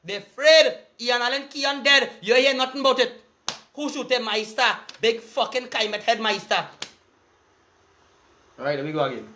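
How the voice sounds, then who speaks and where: A man's voice: very high-pitched, animated, moderate pace, pauses often, pushed and bright, a little hiss or hum. A man with a Trinidadian accent delivering an angry, profane street rant in heavy Creole dialect, cursing and making threats. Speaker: vlogger.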